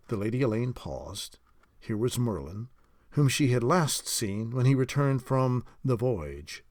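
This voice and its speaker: A man narrating a fantasy audiobook chapter in an expressive storytelling way. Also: medium pitch, a little slow, no echo, clean studio sound.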